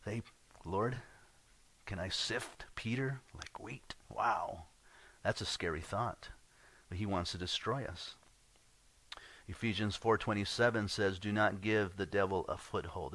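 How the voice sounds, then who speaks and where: A man's voice: fairly low pitch, fairly bright tone, dry recording. A man preaching a sermon as pastor, earnest and conversational, often restarting his words.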